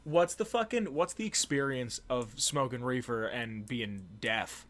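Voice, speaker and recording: A young man in a loose podcast chat, spinning a rambling story with filler words and cursing. His voice sits at an ordinary middle pitch for a man. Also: a little slow, crowd noise. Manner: rambling, animated storytelling full of "like" and swearing. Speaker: podcast host. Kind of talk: casual chat.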